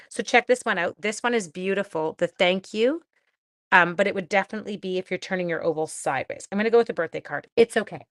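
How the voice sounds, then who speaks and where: A middle-aged woman from Canada chatting with viewers while she makes cards on a live stream, thinking aloud as she works. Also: medium pitch. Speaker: card-making live streamer. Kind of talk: live craft stream chat.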